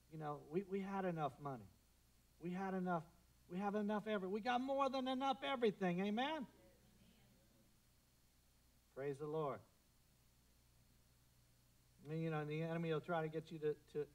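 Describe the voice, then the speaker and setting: High-voiced impassioned preaching man. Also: low-quality recording. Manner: impassioned preaching, swelling to loud declarations and dropping to quiet prayer. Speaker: pastor. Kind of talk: sermon.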